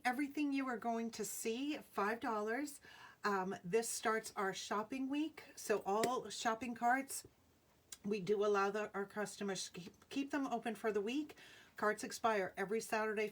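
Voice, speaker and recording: A woman's voice: fairly high pitch, normal speed. A woman with a Rhode Island accent hosting a live jewelry sale from home, chatty, greeting viewers by name and laughing often. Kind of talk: casual live-stream selling chat.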